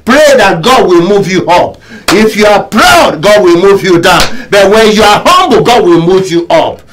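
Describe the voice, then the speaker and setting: A man preaching a sermon as pastor, emphatic and repetitive, with sudden shouts. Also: high-pitched, lively intonation, measured pace, slight background noise, low-quality recording. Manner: emphatic preaching, repeats phrases and bursts into shouts.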